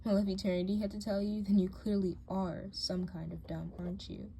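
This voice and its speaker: A woman's voice: medium pitch, flat delivery, a little fast, vocal fry, warm tone, close to an everyday voice. A woman voicing a bossy, scheming teen girl in a doll drama, cold and taunting, with faint hiss behind her.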